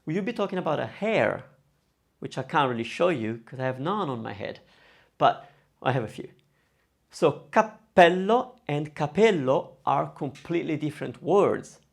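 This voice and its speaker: A man teaching pronunciation in a casual video lesson, saying each word slowly and repeating it. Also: fairly high pitch, expressive, creaky. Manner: demonstrates words slowly and repeats them. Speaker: Italian language teacher.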